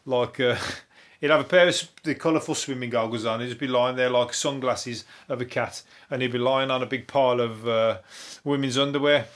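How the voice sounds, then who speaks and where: A Brummie comedian hosts a solo podcast, riffing on news stories in a dry, deadpan way. He rambles, swears freely and loses his thread. His voice sounds a little hoarse and worn. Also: mid-range voice, brisk. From Birmingham, England. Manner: deadpan, rambling, sweary, laughs at own jokes. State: voice going hoarse.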